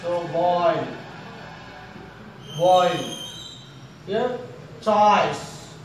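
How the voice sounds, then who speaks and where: A man's voice: high-pitched, extremely slow. A man teaching pronunciation, repeating each word many times and correcting mistakes. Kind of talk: classroom phonetics lesson with word drills. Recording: echoey room recorded from far off with faint noise.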